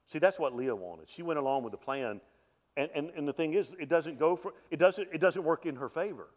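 Middle-aged pastor preaching, kinda high voice that jumps all over, gets loud then drops to a hush. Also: male voice, brisk. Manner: animated preaching, voice swelling and dropping to a hush; repeats words when restarting. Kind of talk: sermon.

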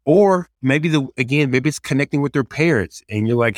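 A man's voice: mid-range voice, brisk, few pauses, dry recording, studio quality. A man in casual conversation, giving earnest, practical advice on leading a small group and acting out quoted prayers and kids. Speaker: youth ministry leader.

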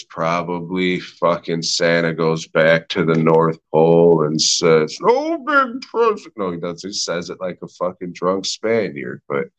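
A man's voice: sits low, fairly bright tone, rough recording. A man in his thirties hosting a podcast, ranting about movies in a profane, rambling, sarcastic way. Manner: profane and rambling, heavy swearing; sarcastic, mocking. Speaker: podcast host. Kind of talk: casual movie review rant.

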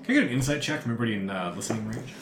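A man running a tabletop game as game master, narrating in a relaxed way with many fillers. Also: medium pitch, rapid-fire, roomy sound, heavy background noise.

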